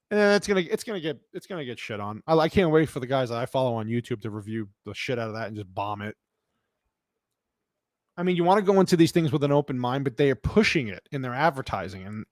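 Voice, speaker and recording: This streamer talks fast in a slightly high voice with big swings in pitch, swearing freely as he crankily and bluntly responds to his live chat on a casual show. The sound is dry and studio-clean.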